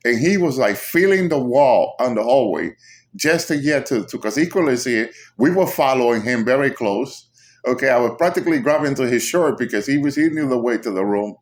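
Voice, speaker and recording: A man tells a frightening personal testimony in an ordinary, middle-pitched voice. He speaks haltingly, stumbling and repeating words. An urgent edge runs through his telling. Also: lively intonation. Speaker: storyteller recounting a vision.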